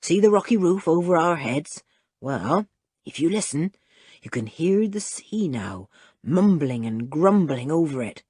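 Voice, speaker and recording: A woman reading an audiobook, voicing an old male cave guide in a lowered voice. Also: sing-song, a little slow, warm tone, husky, no room sound, studio quality, exaggerated voice. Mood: guiding. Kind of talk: audiobook character voice.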